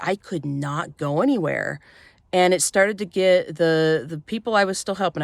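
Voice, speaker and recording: A woman vlogger telling a personal story in an emotional, halting way, often breaking off and restarting. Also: low voice, no room sound.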